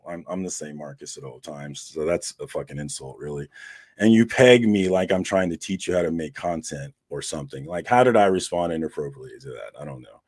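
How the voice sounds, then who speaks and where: Deep-voiced man venting, profane. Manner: profane, animated retelling of an argument, quoting both sides. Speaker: host. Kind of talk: casual livestream storytelling.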